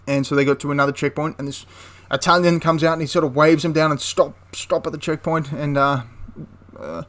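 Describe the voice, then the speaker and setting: A man's voice: fairly high pitch, fairly quick, a bit bright. A man casually retelling a wartime story for a history channel, rambling with frequent restarts and asides.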